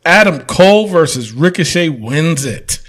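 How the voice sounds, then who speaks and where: A male podcast host with a slightly higher-than-average voice runs a relaxed wrestling chat. He jokes around, laughs easily and swears casually as he talks. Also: unhurried. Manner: loose, joking, laughs often, swears casually.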